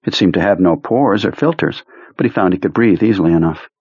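A man narrates a novel in a measured, even way. His voice is very low and husky. The recording is dry and dull, like lo-fi tape. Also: no room sound. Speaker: audiobook narrator. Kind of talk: scripted narration.

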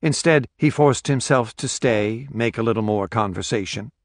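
A man reading a story aloud as audiobook narrator in a steady, measured way. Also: medium pitch, no room sound, studio quality. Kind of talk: scripted narration.

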